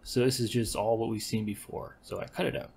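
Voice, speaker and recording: A man giving casual gameplay commentary, rambling and correcting himself with deadpan asides. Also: on the low side, brisk, gravelly, slight background noise. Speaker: gaming commentator.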